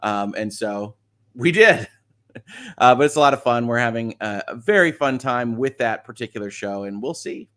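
A man's voice: mid-range voice, animated, moderate pace, a bit bright. A middle-aged man hosting a casual morning livestream, reading viewer comments aloud and chatting about them with frequent laughs. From Michigan. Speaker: livestream host.

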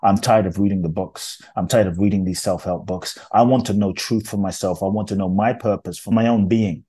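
A man's voice: sits low, steady tone, a little fast, mellow, slightly rough. A middle-aged man, an interview guest, telling his life story in an intense, earnest, emphatic way. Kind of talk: storytelling in conversation.

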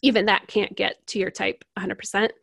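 A woman guest explaining personality types in a casual interview, animated and laughing often as she acts out examples. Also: mid-range voice, fairly quick, vocal fry, dry recording, clean studio sound. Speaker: certified personality type coach, guest.

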